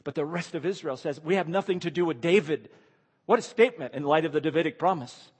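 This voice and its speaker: Preacher in a big echoing hall. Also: male voice, a little high, quick pace, husky. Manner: reads verses then asks rhetorical questions, animated. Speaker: pastor. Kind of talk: expository sermon reading scripture. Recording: long reverb of a large hall.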